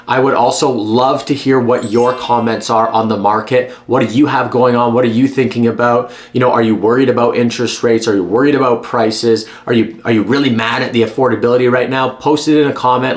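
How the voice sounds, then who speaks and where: Man, medium pitch, blunt, emphatic, persuasive, advice to camera. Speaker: real estate agent. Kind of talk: direct-to-camera advice vlog.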